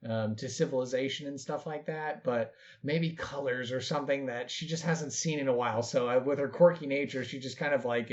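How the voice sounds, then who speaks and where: A man describing his character's actions at a tabletop game, hesitant, full of ums and uhs, at a middle pitch. The recording is dull and lo-fi. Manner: hesitant, many fillers. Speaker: tabletop role-play player.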